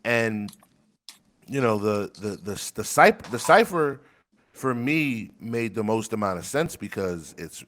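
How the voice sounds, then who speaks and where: A man with a fairly bright voice on the low side rambles in casual chat at a desk microphone. A rapper and community member, he's crude, laughs often and tells stories about his rap community.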